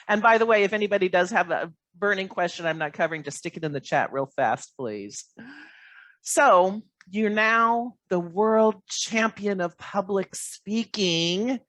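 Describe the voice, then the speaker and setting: A woman's voice: mid-range voice, lively intonation, unhurried, a bit bright, no room sound. A woman moderating a Q&A, asking questions in a friendly, conversational way over a video call. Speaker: interviewer, Q&A moderator. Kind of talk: hosted Q&A.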